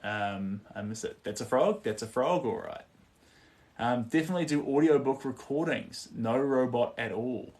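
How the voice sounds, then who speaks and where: Painting live on stream, a New Zealand-accented man talks casually at a normal speed, his medium-pitched voice darkish in tone and far from the mic. He murmurs about his own strokes and now and then stops to answer what viewers write.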